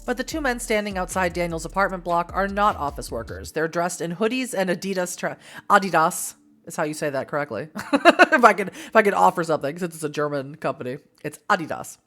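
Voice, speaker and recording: A woman reading an interactive text game aloud in an expressive way, breaking off for casual, laughing asides. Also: on the low side, quick pace, soft background music. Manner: expressive reading, laughs at her own slips.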